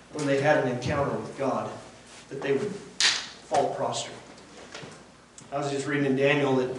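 A man giving a conversational devotional sermon as a lay preacher, earnest and plainspoken in a folksy way. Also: mid-range voice. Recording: very echoey room from far off, faint background noise.

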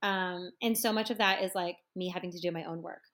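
A woman's voice: on the low side, a little fast. A woman in her thirties, a massage and yoga therapist, chatting casually on a podcast and acting out her clients as she tells stories. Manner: animated storyteller, acts out clients' voices.

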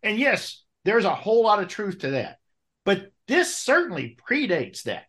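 A man's voice: high-pitched, moderate pace. A man hosting an interview, chatty, telling stories and asking his guests questions. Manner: chatty, lively storytelling, asks questions. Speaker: interview host. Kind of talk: conversational interview.

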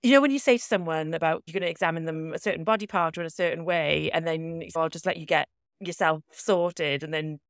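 A woman's voice: low-pitched, quick pace, clean tone, dry recording, studio quality. A British woman co-hosting a podcast, chatting casually and laughing often at herself. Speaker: podcast co-host. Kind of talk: casual chat.

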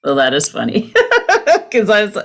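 A woman's voice: mid-range voice, huge pitch swings, measured pace. A woman podcast host chatting casually with guests and laughing often. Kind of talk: casual interview chat.

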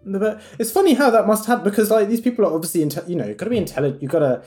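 A man's voice: high voice, lively intonation, racing, a little mellow, faint music behind. A man, a doctor, chatting casually and reflectively with many filler words. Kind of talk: casual podcast chat.

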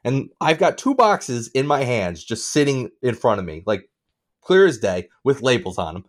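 A man co-hosting a podcast, telling a story in a casual, animated way, swearing and getting worked up. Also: normal speed. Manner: animated storytelling, swearing, rising in pitch when riled. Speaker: podcast co-host. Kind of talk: casual chat.

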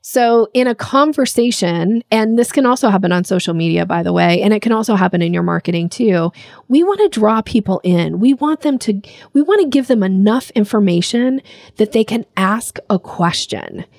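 A woman talking through a sales method as a podcast guest, in a conversational way. She breaks into short acted voices to make her points. Her voice sits at a middle pitch, recorded close and dry with no room around it. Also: moderate pace, creaky, no echo. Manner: lively, plays out little scenes in other voices; conversational, uses "frankly" and "like" often.

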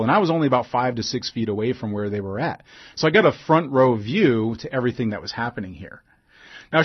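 A man telling a personal anecdote in a relaxed conversational way, with asides and fillers. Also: medium pitch, dull audio. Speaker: storyteller.

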